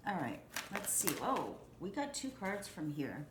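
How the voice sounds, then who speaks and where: A woman's voice: lowish voice, very animated, a little slow, echoey room, very noisy. A woman giving a casual tarot reading from home, chatty and reassuring, rambling with lots of fillers and restarts. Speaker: tarot reader.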